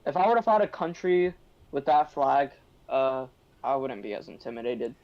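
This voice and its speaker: A man's voice: medium pitch, lively intonation, moderate pace. Laid-back young man on a dull mic. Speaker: co-host. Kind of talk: casual chat.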